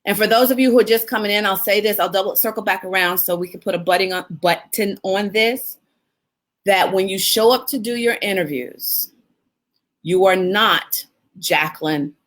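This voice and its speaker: A woman hosting a live video stream, giving animated, expressive coaching advice, laughing often and answering viewers' comments as they come in. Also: mid-range voice, normal speed.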